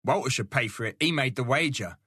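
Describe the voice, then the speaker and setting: A man's voice: mid-range voice, lively intonation, brisk, bright, forceful tone, slightly rough, no echo, clean studio sound, pitched above the performer's own voice, exaggerated voice. A man doing a cocky London archer. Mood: indignant.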